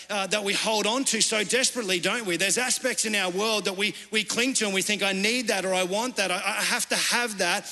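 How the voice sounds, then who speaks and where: Man preaching a sermon, high-pitched and bright, long reverb of a church hall. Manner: earnest, conversational storytelling. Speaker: pastor.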